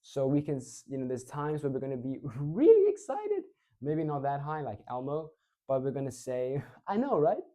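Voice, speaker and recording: A man coaching public speaking in a casual teaching talk, swinging between excited and slow, low delivery. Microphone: clip-on mic.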